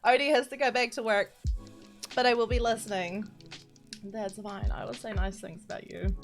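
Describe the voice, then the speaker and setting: A woman's voice: on the high side, fairly even intonation, normal speed. A woman, streaming live, chatting and giggling as she reads out chat messages between explanations. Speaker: streamer teaching map building. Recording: background music under the voice.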